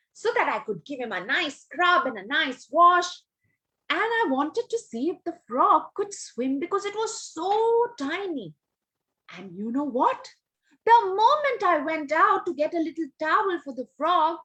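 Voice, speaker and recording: A high, bright woman's voice leads an online storytelling session for young children. She swoops up and down in pitch, takes her time, and keeps coaxing the little ones with questions. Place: home, on a video call. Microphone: video call.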